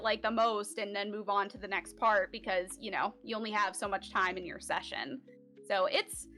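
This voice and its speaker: A woman from Central Florida talks casually as a voice actor guest on an interview show. Her voice is bright and clear at a middle pitch. She rambles in a chatty way, full of "like" and "um" fillers. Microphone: home recording setup.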